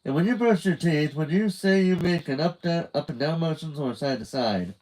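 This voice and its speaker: A man's voice: on the high side, normal speed, darkish tone, pitched above the performer's own voice, natural voice, poor audio. Man doing jolly survey guy Andy. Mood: cheerful. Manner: jolly, bland salesman cheer. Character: cheerful adult man survey taker.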